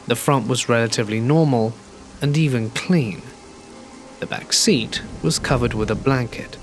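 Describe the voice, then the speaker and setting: A man narrating a horror story in a calm, measured, scripted reading. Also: medium pitch, slight background noise. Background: gentle rain.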